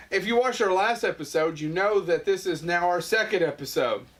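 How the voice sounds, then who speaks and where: A man's voice: high voice, lively intonation, moderate pace, a bit bright, slight background noise. A man hosting a comedy podcast, bantering casually and steering the talk back on topic between crude jokes. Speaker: podcast host.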